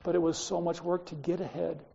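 A man's voice: on the high side, level tone, a little fast, creaky, warm tone, lo-fi sound. A man teaching a Bible class, lecturing and telling stories from his school days to students, speaking to them directly in a chatty way.

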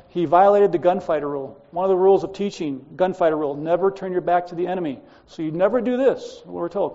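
A man's voice: high-pitched, vocal fry, mellow, muffled recording. A man teaching a Bible class, lecturing and telling stories from his school days to students, speaking to them directly in a chatty way.

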